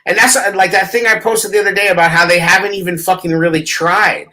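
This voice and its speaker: A man with a high, bright voice, co-hosting a casual sports show. He tells stories in an excited, profane, animated rush and swears freely. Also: fast talker, low-quality recording. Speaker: podcast co-host.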